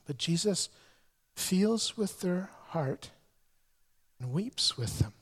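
A man's voice: high-pitched, expressive, slow pace, slightly rough. A male pastor preaching a sermon, telling a story earnestly and often stumbling over repeated words.

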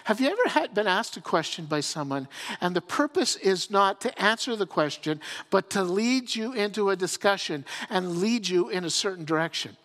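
A pastor preaching conversationally, often restarting and repeating words as he builds a point. The voice sits at a middle pitch and rings with a long reverb from a large hall or church. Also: animated, normal speed, fairly bright tone. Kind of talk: sermon.

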